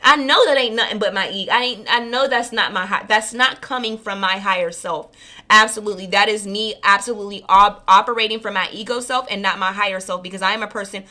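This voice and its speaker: A woman's voice: mid-range voice, quick pace, pushed and bright. A woman running a spiritual reading channel, talking casually and earnestly to her viewers, rambling and correcting herself as she goes. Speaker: spiritual reader and channel host. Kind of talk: casual heartfelt monologue to viewers.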